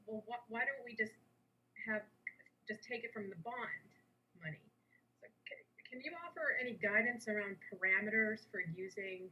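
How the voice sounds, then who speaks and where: A woman chairing a virtual school committee meeting, asking casual questions with halting restarts. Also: mid-range voice, pushed and bright, slight background noise, low-quality recording. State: sleepy, yawning.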